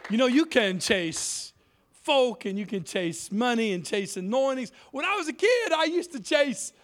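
A man's voice: extremely high pitch, a little slow. A man from the inner city preaching a sermon in a church, telling stories and acting out the voices of the people in them. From Cleveland inner city. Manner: lively storytelling, acts out quoted voices. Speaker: guest preacher.

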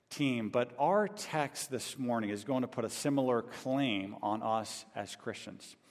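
Male pastor, storytelling sermon full of restarts and "okay?" check-ins, long hall reverb. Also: mid-range voice. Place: large church hall.

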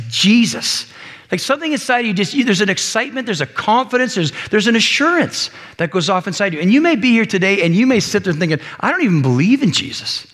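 A male pastor giving a conversational, animated sermon with frequent restarts and asides. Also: high-pitched. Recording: echoey hall reverb.

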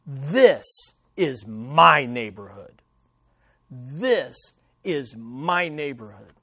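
Pastor putting on a growling mafia boss with a mock Italian accent, lower, slow. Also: male voice, animated, bright, forceful tone, slightly rough, no room sound, clean studio sound, exaggerated voice. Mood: snarling. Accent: put-on Italian. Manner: low, snarling, possessive. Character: snarling mafia boss claiming his turf.

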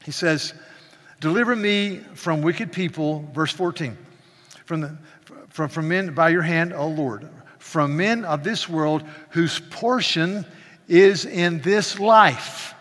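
A male pastor preaching a sermon with passion, swinging from soft asides to loud exclamations, with stammering restarts. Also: a little high, slow pace, long reverb tail.

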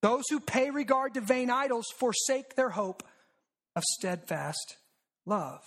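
A preacher mid-sermon, speaking in a rhetorical style full of repeated lines and quick "right?" checks. Key phrases are pressed home by sinking lower and softer. The delivery stays steady and earnest. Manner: rhetorical and repetitive, with frequent "right?" asides; drops low and quiet for emphasis.

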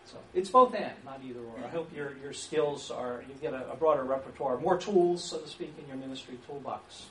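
A man teaching a church class on counseling, lively and acting out sample questions, with an occasional chuckle. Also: mid-range voice, fairly quick. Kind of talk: church training lecture. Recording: echoey room from far off, faint hiss.

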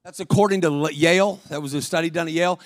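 A man preaching as a guest speaker at a church service, calling out to the congregation and rising to shouts. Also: on the high side, steady tone, fast, no echo, studio quality. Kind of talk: sermon. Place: church sanctuary.

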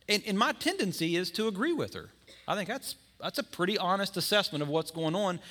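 A man's voice: sits high, big pitch swings, a little fast, sharp tone. A man preaching a sermon in a conversational way, now and then acting out the people in his story. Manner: conversational preaching with acted-out scenes. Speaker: pastor.

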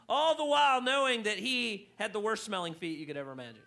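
A man preaching a sermon to a church congregation, telling a funny story in an animated way and getting louder for emphasis. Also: high voice, fast, gravelly. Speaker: pastor. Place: church hall.

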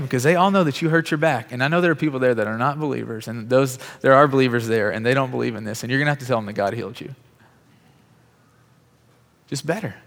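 Man preaching in a reverberant hall. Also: mid-range voice. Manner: lively storyteller who acts out quoted dialogue; conversational, casual fillers like "like" and "bro". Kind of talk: sermon testimony storytelling. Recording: long reverb of a large hall.

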